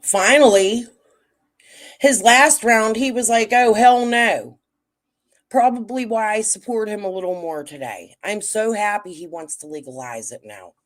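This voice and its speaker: Chatting directly with her viewers, this livestream host has a mid-range voice, lively intonation, and a normal pace. She's blunt and swears without holding back.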